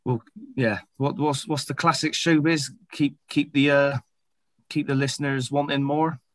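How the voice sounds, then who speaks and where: A man, hosting a podcast in a relaxed, rambling chat. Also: mid-range voice, a little slow, dry recording. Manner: laid-back, rambling, wrapping up the episode. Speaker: podcast host.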